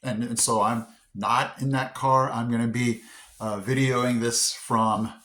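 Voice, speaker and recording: An upbeat man hosts his own vlog in a relaxed, chatty way and is quick to laugh at his own mistakes. His voice sits at a middling pitch for a man. The room around him gives it a noticeable echo. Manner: upbeat, chatty, self-deprecating. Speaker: vlog host. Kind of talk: casual vlog chat. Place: indoor room. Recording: roomy echo.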